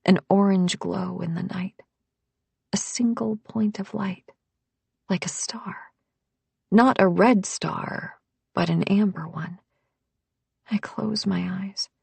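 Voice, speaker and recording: A woman narrating a first-person thriller audiobook in a hushed voice that often drops to a whisper. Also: mid-range voice, vocal fry, slightly rough, no echo.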